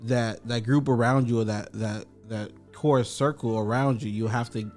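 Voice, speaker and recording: A young man hosting a podcast in casual chat, giving advice in a measured, thoughtful way with small restarts. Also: medium pitch, steady tone, a little mellow, faint music behind. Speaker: podcast host.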